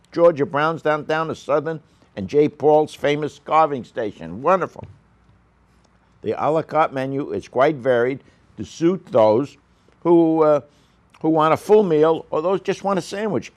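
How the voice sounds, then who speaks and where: A man giving a casual, rambling restaurant review on a local news show, full of fillers and asides. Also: a little high. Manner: rambling, with frequent fillers and coughs.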